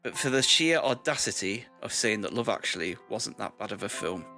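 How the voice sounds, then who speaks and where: A man's voice: fairly low pitch, lively intonation, fairly quick. A man, a podcast host, reading a mock-solemn comic apology with theatrical flair. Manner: theatrical, mock-solemn, building to loud whoops. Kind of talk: scripted comic apology over music. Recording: faint music behind.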